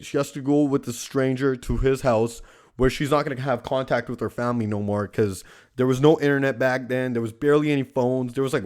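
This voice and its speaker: A young man with a middle-pitched voice rants through a casual monologue. He swears constantly and leans on "like" as a filler, with a loose, profane delivery. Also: darkish tone. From Canada. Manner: profane ranting, heavy use of "like". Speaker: podcast host.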